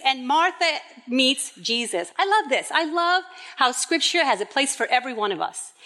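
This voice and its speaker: A woman preaching a sermon, telling the story in a lively way and acting out the quoted voices. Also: high voice.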